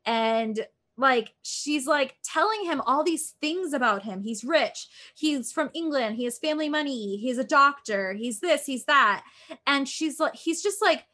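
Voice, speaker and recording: A woman's voice: high-pitched, lively intonation, unhurried, pushed and bright. Rambling chatty woman retelling a story. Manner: rambling, heavy use of "like", acts out quotes. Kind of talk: casual chat, retelling a true-crime show.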